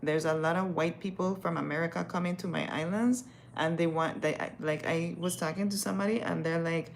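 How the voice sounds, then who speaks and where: Brief: young woman, gravelly texture, blunt and profane livestream storyteller. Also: fairly low pitch, steady tone, fairly quick, few pauses, a little hiss or hum. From West Indies. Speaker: livestream host. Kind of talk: casual livestream chat.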